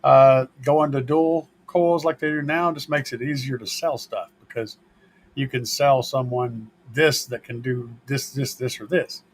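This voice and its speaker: Husky-voiced man, laid-back and profane. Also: medium pitch, fairly even intonation, unhurried, poor audio. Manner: laid-back, joking, swears freely. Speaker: car audio show host. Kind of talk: casual livestream chat answering viewer questions.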